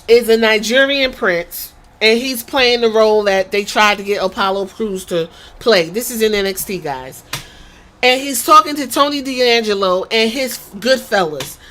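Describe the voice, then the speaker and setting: A woman's voice: on the high side, sharp tone. A woman from New York with a New York accent, hosting a podcast and giving blunt, profane commentary in a rant. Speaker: podcast host. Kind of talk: casual commentary.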